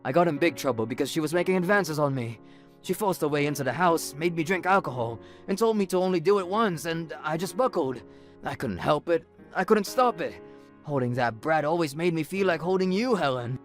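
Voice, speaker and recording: A man's voice: fairly high pitch, lively intonation, brisk, faint music behind, lightly acted. A man voicing an evasive, sheepish cheating husband who stammers and hesitates.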